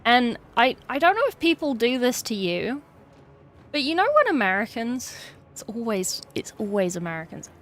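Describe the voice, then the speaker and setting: A woman's voice: fairly high pitch, big pitch swings, moderate pace, fairly bright tone. An English woman chatting casually on a livestream, chatty and swearing freely with exasperated asides. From England. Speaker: streamer.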